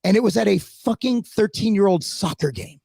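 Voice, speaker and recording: A man co-hosting a podcast, telling a story in casual chat, animated and profane, acting out the people he quotes. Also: high-pitched, brisk, vocal fry, breathy edge, dry recording. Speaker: podcast co-host.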